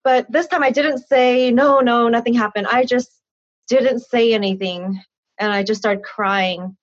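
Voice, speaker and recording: Woman in her 30s, kinda high breathy voice, animated storyteller, dull dry audio. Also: unhurried, no echo. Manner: candid, animated, laughs often, quotes others in dialogue. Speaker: interview guest. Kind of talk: personal storytelling in an interview.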